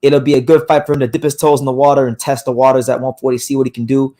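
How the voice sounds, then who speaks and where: A hoarse man hosting a live boxing news show, talking casually and rambling with frequent restarts and fillers. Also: mid-range voice, little pitch movement, racing, dark tone. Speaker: boxing podcast host.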